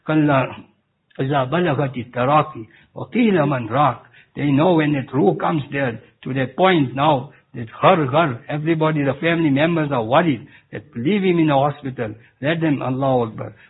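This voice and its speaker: A man giving an Islamic sermon as a Sufi preacher, halting and restarting, with Arabic recitation woven in. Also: medium pitch, husky. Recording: tinny phone-like recording.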